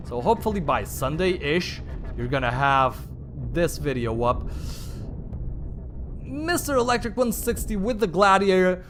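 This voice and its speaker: High-voiced chatty male game commentator. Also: a bit bright, slight background noise. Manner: chatty and rambling, with playful asides and exclamations. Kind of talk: live play-by-play commentary.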